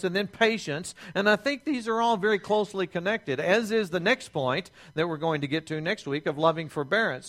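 A man preaching a sermon as pastor, slowing down to stress key phrases and reading scripture aloud. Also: high-pitched, a bit bright. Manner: reads scripture aloud with pleading quoted voices.

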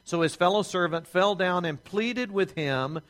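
A man preaching a sermon as pastor, slowing down to stress key phrases and reading scripture aloud. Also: high-pitched, fairly bright tone. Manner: reads scripture aloud with pleading quoted voices.

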